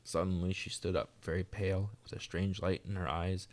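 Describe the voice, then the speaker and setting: A man reading a classic story aloud as audiobook narration, in a measured storytelling manner. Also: low-pitched, little pitch movement. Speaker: reader.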